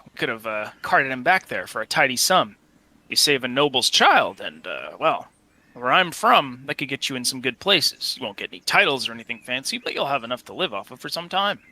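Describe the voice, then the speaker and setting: Brief: man playing a plain-spoken hired gun for a tabletop game, halting folksy delivery, very bright voice, dry close sound. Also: medium pitch, dry recording, heavily acted. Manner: halting, folksy, full of pauses. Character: weathered male mercenary, blunt and practical. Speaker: game master voicing a character. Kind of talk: tabletop role-play character voice.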